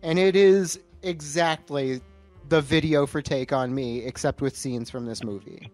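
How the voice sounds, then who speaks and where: A man with a fairly high voice co-hosting a casual movie podcast, rambling loosely through pop-culture tangents. Quiet background music sits faintly under his voice. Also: a little slow. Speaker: podcast co-host. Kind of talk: casual movie-review chat over beer.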